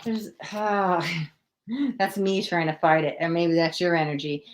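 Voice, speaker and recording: A woman's voice: fairly low pitch, unhurried, slight background noise. A woman hosting a live psychic tarot reading, chatting with viewers and talking through the cards as she pulls them. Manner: chatty, animated, acts out quoted voices. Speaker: tarot reader.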